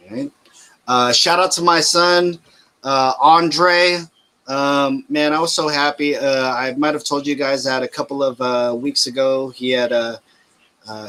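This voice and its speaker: Bright-voiced rambling man host. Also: medium pitch. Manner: loose, rambling, swears freely. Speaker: podcast host. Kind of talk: casual chat.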